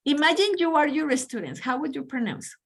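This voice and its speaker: A fairly high-pitched woman in her forties with a Mexican Spanish accent, coaching teachers on pronunciation. She talks with eager, coaxing energy, often calling her listeners "guys.". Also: big pitch swings, a little fast, rough recording. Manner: enthusiastic, coaxing, addresses audience as guys. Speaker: pronunciation trainer. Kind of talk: online teacher workshop.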